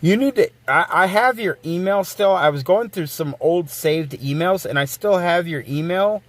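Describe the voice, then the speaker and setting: A man's voice: high-pitched, normal speed, dry recording. A man hosting a casual livestream, rambling and swearing freely as he reads and answers chat messages aloud. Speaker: livestream host.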